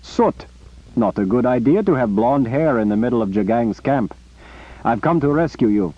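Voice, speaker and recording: Brief: man voicing a cheerful, daring captain, brisk and commanding, husky, lo-fi audiobook sound. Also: medium pitch, expressive, dry recording, lightly acted. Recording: muffled lo-fi recording.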